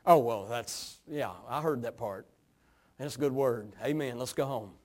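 A man's voice: a little high, animated, normal speed, darkish tone, lightly acted. A man preacher voicing a tired male leader who speaks offhandedly and brushes things aside. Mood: offhand. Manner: offhand, dismissive.

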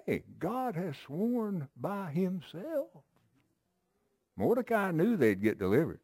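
A man's voice: high-pitched, big pitch swings, slow, warm tone, slightly rough, dry recording, studio quality. A man preaching a sermon, reading Bible verses and explaining them in an emphatic, conversational way, often checking with listeners.

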